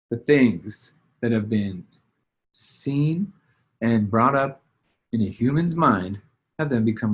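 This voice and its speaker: Man, business coach, mid-pitch, relaxed chatty delivery with "uh"s and restarts, coaching a group. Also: muffled recording. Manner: casual, conversational, many fillers and restarts. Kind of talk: motivational training talk. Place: at a desk, writing as he talks.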